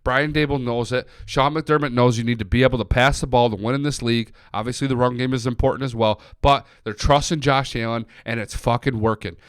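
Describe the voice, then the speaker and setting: A young man hosting a sports podcast livestream, excitably swearing as he rattles off team stats and reads chat. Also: medium pitch, a little fast, hardly any pauses, clean tone, no room sound, clean studio sound. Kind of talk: solo sports talk livestream.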